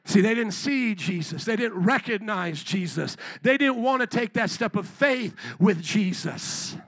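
A male pastor preaching a lively sermon in church, acting out quick voices and rising to shouts. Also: high voice. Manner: animated preaching, acts out voices.

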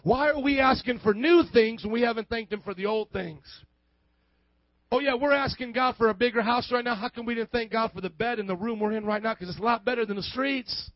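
A male pastor preaching a sermon, calling for amens and dropping from hushed lines to loud bursts. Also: very high-pitched, a little fast, no room sound. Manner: call-and-response preaching, swings from hushed to loud. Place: church service. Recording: dull lo-fi church recording with faint music.

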